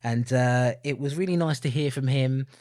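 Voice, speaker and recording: A man's voice: moderate pace, no echo, clean studio sound. A man co-hosting a podcast in casual, jokey, rambling chat, with mock-grumpy outbursts. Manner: jokey, rambling, mock-grumpy with sudden loud high bursts. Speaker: podcast co-host.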